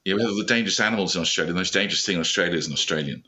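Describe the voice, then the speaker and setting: A middle-aged man with a British accent chats as a podcast guest. His voice sits very low yet carries a bright, forceful edge. He tells stories with dry, self-deprecating humour. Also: racing. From Britain. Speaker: startup founder, guest. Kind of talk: podcast interview, conversational.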